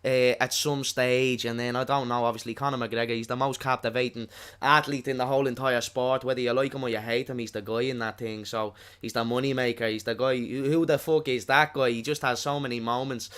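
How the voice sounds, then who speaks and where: A man's voice: medium pitch, steady tone, brisk, a bit bright, clear, resonant tone. A man co-hosting a casual live stream from his own small studio, laid-back and slangy, swearing casually. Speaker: stream co-host.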